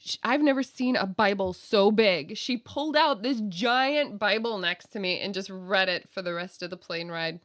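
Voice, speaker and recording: A woman comedian tells a story in an interview, animated and laughing easily. She acts out the people in it with quick voices. The sound is dry, with no room echo. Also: medium pitch. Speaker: comedian guest.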